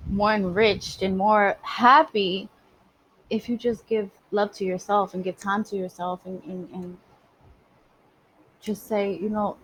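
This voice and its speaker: A woman's voice: mid-range voice, little pitch movement, slow pace, fairly bright tone, slightly rough, rough recording. Emphatic streetwise woman. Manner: emphatic, streetwise, swears freely. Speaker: spiritual vlogger. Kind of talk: casual spoken monologue.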